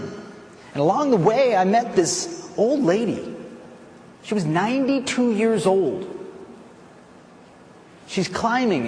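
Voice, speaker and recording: An American man giving a playful, animated storytelling talk at a conference. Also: sits high, big-room sound, a little hiss or hum. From United States. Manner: animated, playful, self-mocking. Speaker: conference speaker. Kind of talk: storytelling speech. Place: conference hall.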